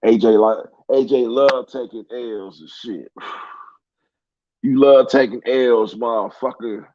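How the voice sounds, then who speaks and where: A man's voice: mid-range voice, steady tone, slow, dry recording. A man commenting on sports in a heated, profane casual rant. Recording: dull lo-fi sound.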